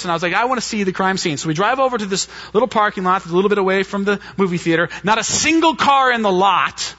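A man telling a story from the pulpit, animated and quick to act out what each person said. His voice sits high and sounds bright and forceful. The recording is dull and muffled. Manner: animated storyteller, acts out quotes. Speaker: pastor. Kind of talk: sermon storytelling.

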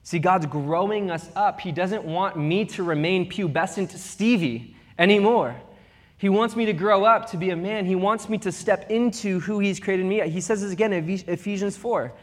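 A young man preaching a sermon as pastor, with animated, humorous storytelling. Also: sits high, normal speed. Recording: long reverb of a big hall.

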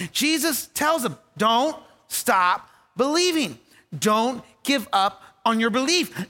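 A man preaching a sermon as pastor, animated, repeating key lines for stress and laughing at his own jokes. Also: extremely high pitch, in a large hall.

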